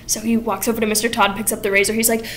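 A chatty woman hosting a casual recap vlog, her voice sitting fairly high. She runs through the plot with plenty of "like" and slips into quick voices for the characters. Faint noise hums behind her. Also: flat delivery. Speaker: channel host.

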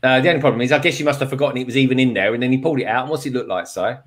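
A man's voice: medium pitch, very fast. A man on a live stream panel, chatting and telling jokey stories, laughing often. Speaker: regular panelist. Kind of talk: casual chat.

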